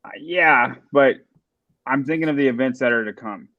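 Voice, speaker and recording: A man's voice: medium pitch, moderate pace, dry recording, narrow, tinny audio. A man hosting a podcast, talking through competition standings in a casual, analytical way. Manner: talkative, analytical. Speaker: podcast host.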